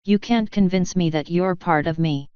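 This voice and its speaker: Woman reader as a defiant young unicorn mare, slow and emphatic, very clear voice, storybook reading. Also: on the low side, no room sound, dull audio, close to an everyday voice. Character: young female unicorn scholar, angry and defiant.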